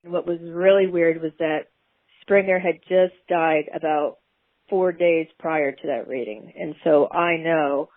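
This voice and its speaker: A woman's voice: deep voice, steady tone, unhurried, no echo, phone-quality sound. A woman guest telling a personal story in a chatty way, laughing between remarks.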